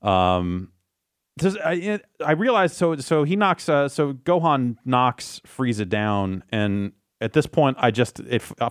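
A man co-hosting a casual anime recap chat, rambling with restarts and swearing, slipping into quick quoted lines. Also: mid-range voice, no room sound, clean studio sound. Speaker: podcast co-host.

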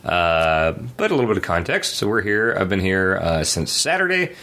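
A man's voice: low-pitched, very animated, normal speed, sharp tone. A man hosting a casual podcast chat, rambling and teasing. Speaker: podcast host. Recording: faint background noise.

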